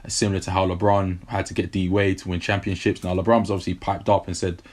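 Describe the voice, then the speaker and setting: A man with a South London accent co-hosting a casual sports podcast, chatty and quick to laugh, full of "you know what I mean". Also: sits low, flat delivery, darkish tone. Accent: South London English. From England. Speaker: podcast co-host.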